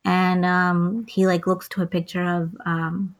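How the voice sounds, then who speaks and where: A woman's voice: on the low side, a little slow. A woman in casual chat, retelling a movie plot with lots of acted-out lines. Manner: animated storytelling, acts out lines and hums songs. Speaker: co-host recapping a film.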